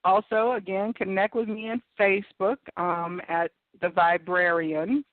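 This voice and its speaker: A woman's voice: mid-range voice, steady tone, unhurried, no echo. A woman hosting an internet radio show, chatting casually and laughing at her own stories. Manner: chatty, laughing, self-deprecating. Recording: tinny phone-line audio.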